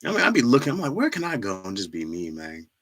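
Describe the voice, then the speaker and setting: A man's voice: mid-range voice, wildly swooping pitch, quick pace, a bit bright. A young man from Michigan hosting a casual livestream, reading viewer comments in loose slang and laughing often. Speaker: livestream host.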